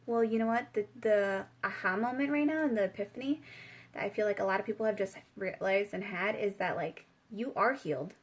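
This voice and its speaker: A woman's voice: medium pitch, fairly quick. A woman giving a casual spiritual tarot reading, chatty and giggly, with many fillers. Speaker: tarot reader.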